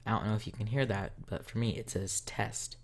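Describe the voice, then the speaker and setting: A man's voice: fairly low pitch, steady tone, a little fast, vocal fry. A man hosting a casual coding tutorial, talking step by step while he types. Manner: talks step by step while typing. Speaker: tutorial host.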